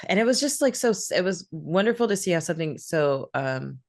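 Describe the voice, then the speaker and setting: A young woman co-hosting a podcast, chatting in an animated way and laughing often. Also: fairly low pitch, normal speed, no room sound, studio quality. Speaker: podcast co-host. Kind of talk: casual chat.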